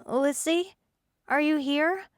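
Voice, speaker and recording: A woman's voice: high-pitched, slow, dry recording, studio quality, pitched above the performer's own voice. A woman doing a scared young girl calling out. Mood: anxious. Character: frightened teenage girl alone at night.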